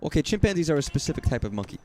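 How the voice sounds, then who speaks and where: With a fairly high, slightly mellow voice, a young southern US gamer races through animated let's-play commentary, rambling, swearing, and joking as he goes. Faint game music and a bit of background noise can be heard.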